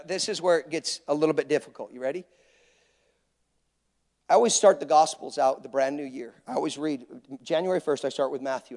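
Man preaching, high voice, emphatic repetition, long hall reverb. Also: a little mellow. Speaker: pastor. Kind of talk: sermon.

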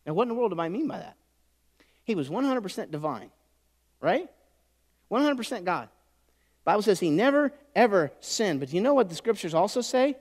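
A man preaching a sermon as pastor, animated, swelling loud and then dropping soft. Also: sits high, a little fast, pauses often, in a large hall.

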